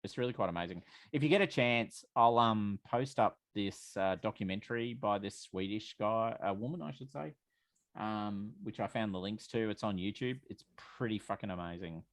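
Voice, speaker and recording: A man's voice: fairly low pitch, normal speed, dry recording. A man running a tabletop role-playing game as game master, narrating the scene with many fillers and restarts.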